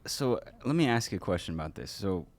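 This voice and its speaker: A man's voice: fairly low pitch, very animated, brisk. A man co-hosting a talk radio show who cracks jokes in casual chat.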